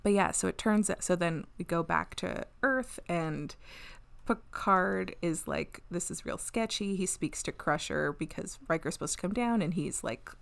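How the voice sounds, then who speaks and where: A woman's voice: on the low side, a little slow, vocal fry, a bit bright. Chatty, laughing podcast host woman. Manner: chatty, laughs often, many fillers. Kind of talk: casual episode recap.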